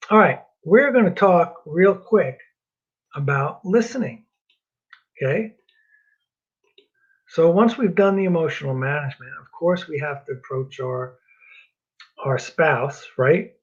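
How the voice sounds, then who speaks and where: Man from New Jersey, marriage class teacher, raised husky voice, dull lo-fi recording, earnest and rambling. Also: fairly high pitch. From New Jersey, US East Coast. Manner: earnest, repeats himself, self-deprecating asides. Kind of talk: casual teaching talk.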